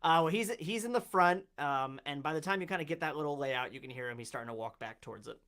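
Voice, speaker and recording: Male game master, somewhat high voice, relaxed and chatty, quick to laugh. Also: smooth. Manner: laughs often, loose and chatty. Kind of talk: narrating a tabletop game.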